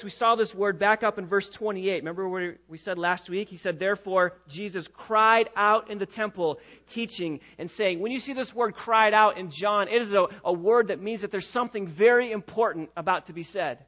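High-voiced preaching pastor, lo-fi. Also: male voice, normal speed, few pauses. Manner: preaching with rising and falling intensity, sometimes loud. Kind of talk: sermon.

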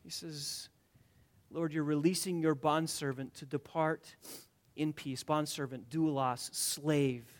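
A male preacher with a fairly high voice delivers a sermon. He sinks to hushed, almost whispered lines, then rises to loud, emphatic declarations. He drives his points home by repeating phrases. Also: fairly even intonation, takes it slowly. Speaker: pastor.

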